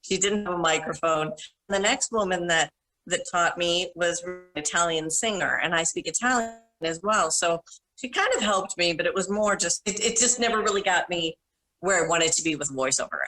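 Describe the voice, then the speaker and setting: A middle-aged woman from Minnesota, a panel guest rambling through animated anecdotes and correcting herself as she goes. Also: fairly low pitch, rough recording. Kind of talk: casual storytelling.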